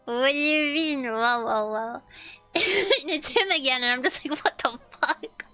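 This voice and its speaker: A young woman streamer telling a story in casual chat, animated, swearing and repeating her lines. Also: high-pitched, unhurried, faint music behind.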